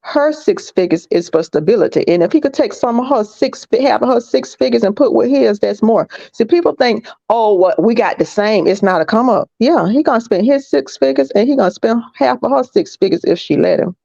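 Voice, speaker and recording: Gravelly blunt woman, lo-fi. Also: on the high side, expressive, a little fast, hardly any pauses, dark tone, no echo. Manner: blunt, laughs between points. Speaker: panelist. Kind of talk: opinionated casual debate. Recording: dull lo-fi online audio.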